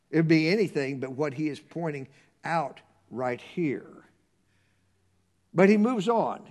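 A man preaching a sermon, reading scripture slowly and swinging from hushed tones to loud emphasis. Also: a little high. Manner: reads scripture in a slow, measured cadence.

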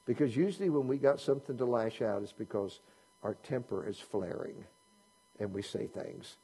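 A man delivers a sermon in a relaxed, conversational style, posing question after question to his listeners. His voice is warm and dark with a husky edge. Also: medium pitch, moderate pace. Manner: conversational preaching with rhetorical questions. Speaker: pastor.

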